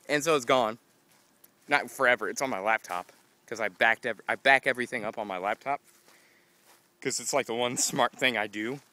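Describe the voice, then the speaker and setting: A young man chats on a casual outdoor vlog, out of breath after a walk uphill, rambling and exasperated. His voice is bright and forward, and he acts out his own frustrated quotes. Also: mid-range voice. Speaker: vlogger.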